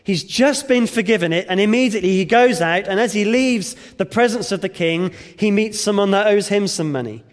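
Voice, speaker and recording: A man preaches an expository sermon, his voice pitched high for a man. He leans on emphatic rhetorical questions and works through the passage line by line. The sound rings with the long reverb of a large hall. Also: fairly quick, hardly any pauses.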